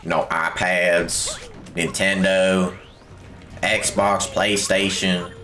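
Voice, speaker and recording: A man's voice: low voice, level tone, pitched above the performer's own voice, heavily acted. A man voicing a grumpy old man who grumbles that times were better, drawing out his complaints. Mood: grumbling. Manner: drawn-out, complaining old-timer talk. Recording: loud game music behind voice.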